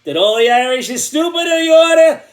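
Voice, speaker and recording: A man's voice: extremely high pitch, animated, a little fast. An older man delivering an angry, sarcastic comedic rant, often repeating words as he gets worked up. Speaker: comedic commentator.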